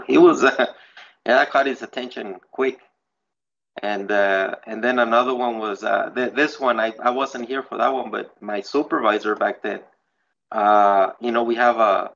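A man's voice: fairly low pitch, a bit bright. A man who works at a water treatment plant, telling a spooky story in a rambling, casual way and acting out what people said. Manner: rambling, many restarts, acts out quotes. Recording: slightly dull with faint background noise.

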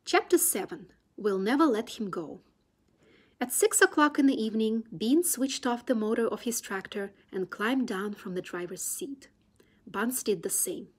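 Gentle woman storybook reader who sometimes drops almost to a whisper; airy tone. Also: fairly high pitch, animated, normal speed, breathy edge. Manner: gentle and soft, drifting into near-whispers. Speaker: children's book reader. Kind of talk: reading a storybook aloud.

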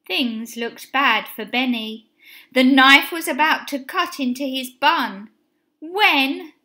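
A woman teacher reading a children's picture book aloud in an expressive, sing-song way. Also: sits high, slow. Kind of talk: storybook read-aloud.

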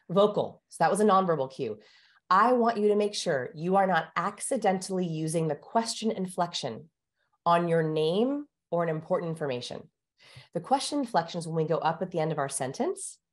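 Low-voiced woman explaining with energy. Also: a little fast. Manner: animated, teacherly, shifts pace for emphasis. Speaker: guest expert on communication. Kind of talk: explanatory interview talk.

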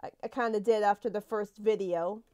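A woman's voice: mid-range voice, steady tone, brisk, a little mellow, clean tone. A woman giving live gameplay commentary. She is jumpy, swears a lot and talks back to the game characters. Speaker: let's play gamer.

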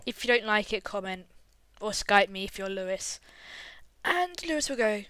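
A woman's voice: medium pitch, lively intonation, moderate pace, fairly bright tone, a little hiss or hum. A woman casually commenting on her game while building, rambling and easily distracted, now and then breaking into little hums.

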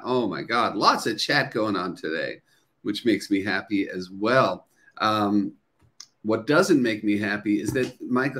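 A man's voice: on the low side, fairly bright tone. Upbeat middle-aged man hosting a livestream. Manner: chatty, upbeat, reads viewer comments aloud with many fillers. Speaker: livestream host. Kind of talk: casual livestream chat.

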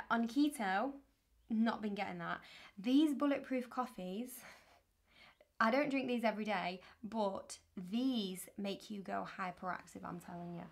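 A young woman chatting in a casual clothing try-on haul, bubbly and hyped up. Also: mid-range voice. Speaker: fashion vlogger. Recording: roomy echo, distant mic, faint noise.

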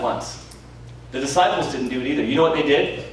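A man preaching a sermon as pastor, telling stories with lively energy, acting out quoted voices and laughing often. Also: mid-range voice, quick pace. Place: community centre hall. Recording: very echoey hall, voice from far off, faint noise.

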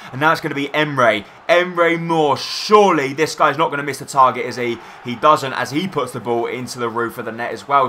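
A young man calls his own football video game like a match commentator, jumping from calm play-by-play to loud bursts whenever a chance comes. His voice is bright and forceful and sits a bit high for a man. A faint hiss sits under the voice. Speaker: gaming YouTuber.

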